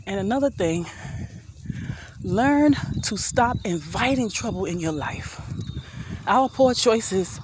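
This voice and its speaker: A woman in her fifties talks while she walks uphill outdoors, a little out of breath. She preaches earnestly to her viewers and calls them family. Her voice sits at a middle pitch, with faint outdoor noise behind her. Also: animated, slow pace, pauses often. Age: 50s. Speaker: vlogger. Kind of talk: motivational walk-and-talk vlog. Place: outdoors walking up a hill.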